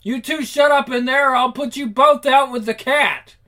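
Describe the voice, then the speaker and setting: A man reading a comic aloud, voicing a grouchy housemate who yells threats through the wall. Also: very high-pitched, moderate pace, voice pushed up. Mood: irate. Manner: loud, threatening.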